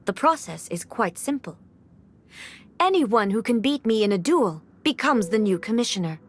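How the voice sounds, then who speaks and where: An actress playing a stern ruler who speaks in a formal, measured and commanding way, in a video game. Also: female voice, fairly high pitch, very animated, slight background noise. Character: stern, imperious female ruler, cold and commanding. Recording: game audio with music.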